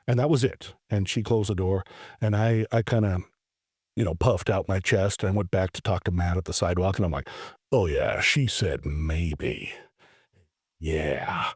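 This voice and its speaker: A man's voice: low-pitched, brisk, no echo, clean studio sound. Self-deprecating male podcast host telling a story. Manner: animated, self-deprecating storyteller who acts out his own past lines; stammering restarts. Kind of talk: personal storytelling monologue.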